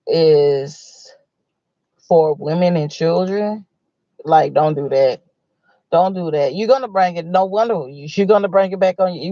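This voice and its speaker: Slow, animated livestream host, dull sound. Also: mid-range voice, no echo. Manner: animated and exclamatory, laughing often, retelling others' words. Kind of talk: casual livestream commentary.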